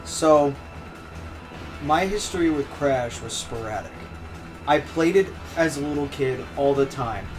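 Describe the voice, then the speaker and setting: A young man in casual chat, relaxed, with stammering restarts and casual swearing. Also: fairly high pitch, measured pace, music in the background. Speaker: podcast co-host.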